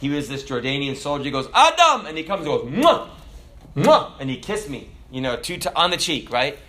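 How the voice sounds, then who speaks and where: A middle-aged man preaching a sermon as a pastor, telling stories and jumping from loud, high bursts to soft, low asides. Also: quick pace. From America. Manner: animated storytelling preacher, jumps loud and high then drops soft.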